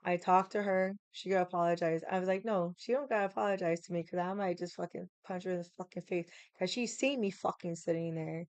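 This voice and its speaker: A woman's voice: fairly low pitch, fairly even intonation, quick pace, hardly any pauses, a little mellow, smooth, no echo. A woman telling a story at home, blunt, profane and heated. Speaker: vlogger. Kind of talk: casual storytelling. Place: home room with the AC running.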